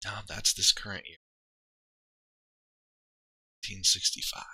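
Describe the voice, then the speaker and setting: A man's voice: deep voice, fairly even intonation, unhurried, gravelly, pushed and bright, slightly rough, no echo. A man chatting casually on a livestream, rambling and thinking aloud with many fillers and restarts. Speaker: streamer and league player.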